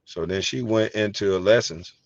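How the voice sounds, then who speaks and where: A middle-aged man with a low voice tells animated, profane stories in a relaxed chat. He laughs easily as he talks. The sound is dry and a little dull. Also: moderate pace, no room sound. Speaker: host. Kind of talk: casual chat.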